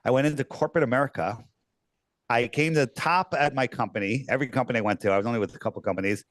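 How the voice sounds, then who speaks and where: A man in a casual podcast chat, telling a long personal story at an average pitch. He rambles, doubles back and fills gaps with "um" and "you know." His voice sounds dry and close, with no room echo. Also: very fast. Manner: rambling, lots of fillers and restarts. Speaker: podcast guest.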